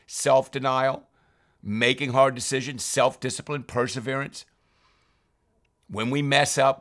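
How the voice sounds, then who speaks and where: A man's voice: medium pitch, pushed and bright. Man teaching Bible passages. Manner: reads verses then explains them, often saying "remember". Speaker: preacher reading scripture.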